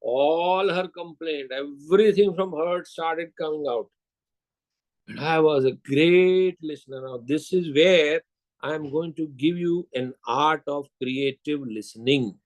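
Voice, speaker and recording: A man's voice: a little high, slow, low-quality recording. An older man giving a sales lecture, telling anecdotes, acting out dialogue and quizzing his audience.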